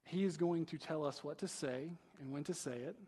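Casting: male pastor, fairly high husky voice, casual chatty sermon, long reverb of a big hall. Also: normal speed, warm tone. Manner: conversational preaching, asks rhetorical questions, frequent "right?".

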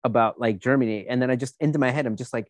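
A man's voice: mid-range voice, very fast, no room sound. A man co-hosting a podcast in casual chat, swearing a lot and ranting in a mocking tone. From United States. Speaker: podcast co-host.

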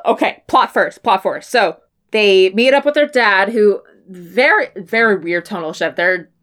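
Animated, swearing young woman co-host. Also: medium pitch, a little slow. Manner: animated, profane, laughs often. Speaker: podcast co-host. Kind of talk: casual TV recap chat.

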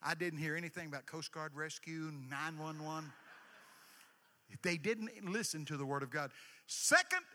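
A man preaching a sermon, emphatic, swinging from hushed asides to shouted lines and calling for responses. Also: on the high side, normal speed, in a large hall. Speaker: pastor.

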